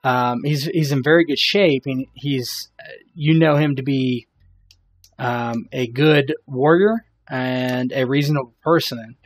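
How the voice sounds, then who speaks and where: A man's voice: medium pitch, measured pace, breathy edge. A man narrating as game master in a casual tabletop game, loose and rambling, laughing often.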